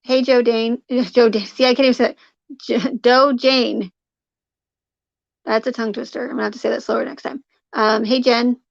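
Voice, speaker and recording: A woman's voice: fairly high pitch, level tone, quick pace, creaky, a little mellow, no room sound, highs cut off. A woman live streaming, chatting casually with her viewers, rambling with lots of fillers and restarts and greeting people in the chat by name.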